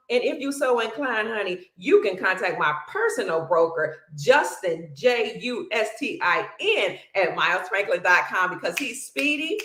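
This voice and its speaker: A woman hosting a livestream, chatting casually and warmly thanking viewers by name, calling them honey, sister and family, long-winded and bubbly. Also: fairly high pitch, reverberant. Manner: effusive and affectionate, calls viewers honey, sister, brother and family. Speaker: livestream host. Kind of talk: casual livestream chat reading viewer comments.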